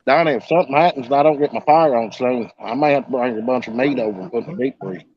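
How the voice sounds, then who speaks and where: A man co-hosting a live fishing stream, talking in loose, animated banter. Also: medium pitch, quick pace. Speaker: fishing show co-host. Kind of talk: casual chat. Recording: dull lo-fi sound.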